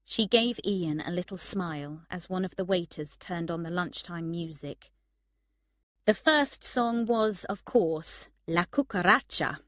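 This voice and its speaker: Slow, low-voiced woman narrator. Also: lively intonation, no echo, studio quality. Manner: slow, clear reading for learners. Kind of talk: graded-reader audiobook narration.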